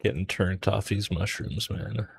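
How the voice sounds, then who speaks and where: A man's voice: on the low side, fairly even intonation, measured pace, gravelly, slightly rough, no room sound. A young man streaming a drawing session, rambling through a casual story with lots of fillers. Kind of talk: casual chat while drawing.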